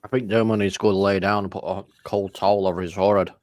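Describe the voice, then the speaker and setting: A man's voice: sits low, level tone, quick pace, darkish tone, no room sound. A man co-commentating on a football watch-along stream, playfully mocking and ribbing the host in casual banter. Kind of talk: banter-heavy casual chat.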